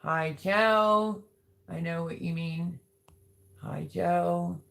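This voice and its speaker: A woman's voice: on the low side, steady tone, extremely slow, creaky, a bit bright. A woman hosting a casual live stream, chatting in a rambling, affectionate way as she reads out viewers' comments.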